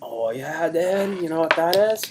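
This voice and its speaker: A man's voice: fairly high pitch, lively intonation, measured pace, noisy background, pitched above the performer's own voice. A man putting on a brash boastful bro. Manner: brash, crude bragging, repeats "dude". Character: boastful bro character "Chaz". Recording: video call.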